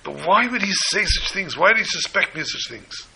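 Gravelly, bright-toned man preaching. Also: brisk, slight background noise, low-quality recording. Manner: animated storytelling, voices the characters with rising pitch. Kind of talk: Torah sermon with a story.

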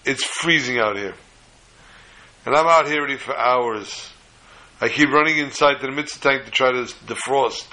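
A man's voice: medium pitch, sharp tone, natural voice, rough recording. A man voicing a young male yeshiva student who earnestly coaxes a stranger. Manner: earnest, coaxing.

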